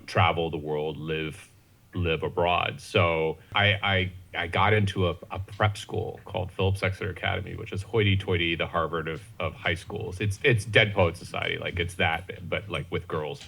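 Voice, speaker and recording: A man's voice: low voice, fairly even intonation, gravelly, sharp tone. A man from Ohio, a podcast guest, telling a personal story casually with many restarts and jokey asides. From Ohio, USA. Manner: halting, many restarts and "you know what I mean", jokey asides.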